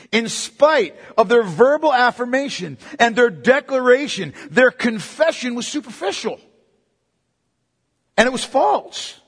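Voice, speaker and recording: A man's voice: very high-pitched, fairly bright tone, breathy edge, long reverb tail. A man preaching a sermon as pastor, emphatic, putting repeated questions to the congregation. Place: church hall.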